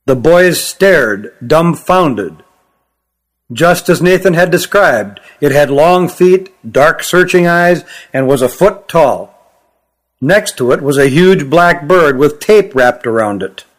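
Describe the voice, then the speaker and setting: A man narrating his own novel as an audiobook, in a steady, measured reading. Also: fairly high pitch.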